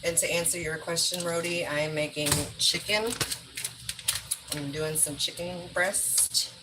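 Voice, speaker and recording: A woman's voice: lowish voice, fairly even intonation, unhurried, heavy background noise. A woman chatting bluntly and profanely on a livestream while putting groceries away in her kitchen. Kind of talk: casual livestream chat. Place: home kitchen.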